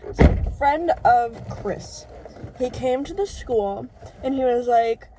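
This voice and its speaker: A woman in her twenties telling animated, laughing stories in a car, acting out the quotes. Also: on the high side, slow, a little hiss or hum, rough recording. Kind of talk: casual storytelling. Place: inside a car. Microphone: phone camera.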